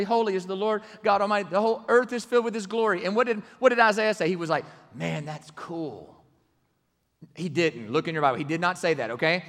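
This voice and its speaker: A man preaching a sermon, swinging from loud exclamations to hushed near-whispers. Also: high-pitched, big-room sound.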